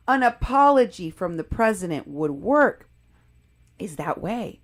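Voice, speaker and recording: A woman's voice: mid-range voice, very animated, measured pace. A woman hosting a live political commentary show, talking emphatically and indignantly, often restarting her sentences. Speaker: show host.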